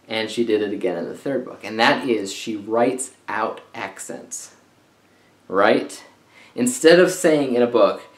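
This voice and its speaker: Chatty male book reviewer, roomy sound. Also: mid-range voice. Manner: chatty and conversational, with frequent "uh" fillers. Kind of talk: casual video book review. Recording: roomy echo.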